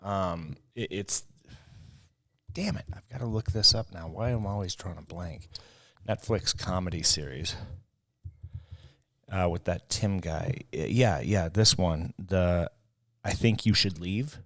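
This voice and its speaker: A young adult man co-hosts a podcast, rambling through casual, profane chat and laughing often. His voice is low and a bit bright, and he speaks a little slowly with long pauses.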